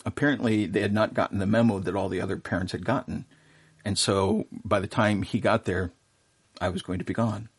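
Low, husky-voiced middle-aged man, an earnest, rambling storyteller in a radio studio. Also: fairly even intonation, brisk. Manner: warm, earnest storyteller with many fillers and restarts. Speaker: professional Santa performer, radio guest. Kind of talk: casual storytelling in an interview.

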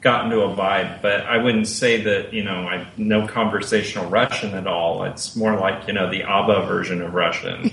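A man's voice: deep voice, fairly even intonation, moderate pace, gravelly, few pauses, noisy background. A man voice actor on an interview panel, speaking in an earnest, self-deprecating way and laughing easily. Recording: roomy room echo.

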